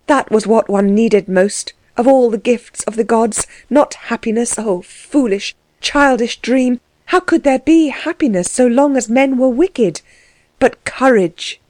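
Female audiobook narrator, measured novel reading, dry close recording. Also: fairly high pitch, darkish tone, no echo. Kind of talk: scripted narration.

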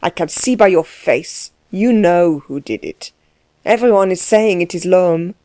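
A woman voicing a gruff, overbearing middle-aged man who questions people curtly and pushily in a storybook reading. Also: fairly low pitch, expressive, a little slow, dark tone, no room sound. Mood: menacing. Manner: curt, pushy questioning.

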